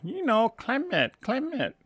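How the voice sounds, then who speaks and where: A man's voice: very high-pitched, wildly swooping pitch, slow pace, fairly bright tone, breathy edge, dry recording, pitched above the performer's own voice, full character voice. A man voicing his stubborn older Japanese mother, with a Japanese accent, insistently repeating a word she mispronounces.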